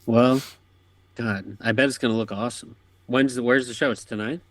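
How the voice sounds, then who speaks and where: A man's voice: medium pitch, fairly even intonation, normal speed, no echo. A man co-hosting a podcast in casual chat, jokey and swearing casually. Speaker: podcast co-host.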